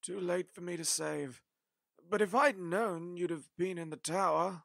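A grave, weary time-traveller, played by a man in a fan audio drama, his high voice set close and dry. He speaks with heavy emphasis, as if carrying the weight of a long war. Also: unhurried, vocal fry, a bit bright, no room sound, full character voice.

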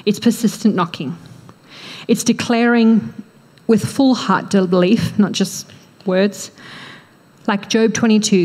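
An Australian woman preaching a sermon in a church, acting out quoted prayers with animated energy. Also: medium pitch, measured pace. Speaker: pastor. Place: church hall.

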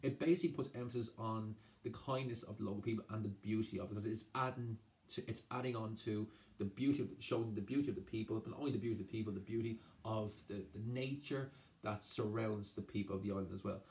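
A man's voice: fairly low pitch, fast, a little mellow. Man explaining a poem, repeating himself. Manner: explains by translating each phrase, repeating himself. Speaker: Irish language tutor. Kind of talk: exam revision lesson.

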